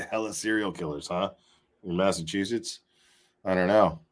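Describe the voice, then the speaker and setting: A man hosting a live call-in stream, talking in a loose, laughing, animated way. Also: low voice, unhurried. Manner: animated, laughing, swearing casually. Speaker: host. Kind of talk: casual live-stream commentary.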